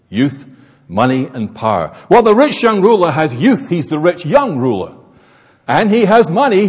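A male preacher explains scripture with emphatic, animated delivery. His voice is slightly high and breathy and swings widely in pitch. A long reverb from a large hall trails each phrase. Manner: emphatic, expository. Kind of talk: sermon.

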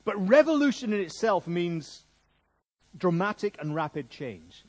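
A middle-aged man preaching a sermon in a jokey, conversational, lively way. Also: high voice, measured pace.

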